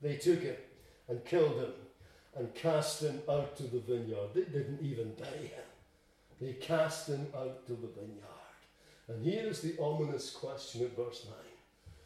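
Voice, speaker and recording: Male preacher, emphatic sermon, mellow higher voice, far from the mic in a very echoey hall. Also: measured pace. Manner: emphatic, swings between loud and quiet for stress. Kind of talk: expository sermon. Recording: echoey room, distant mic.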